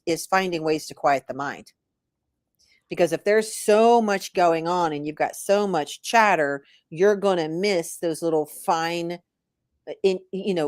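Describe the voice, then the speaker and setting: A woman guest who does readings talks casually, rambling and restarting her sentences. Her voice sits low for a woman. The sound is dry and close. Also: dry recording. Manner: rambling, restarts, laughs easily. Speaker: guest, intuitive reader. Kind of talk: casual interview chat.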